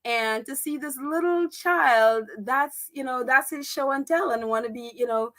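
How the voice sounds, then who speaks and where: A chatty middle-aged woman hosts a casual livestream from her own channel. Her voice is bright and a little high, and she talks loosely with plenty of fillers and quick laughs. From United States. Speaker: livestream host.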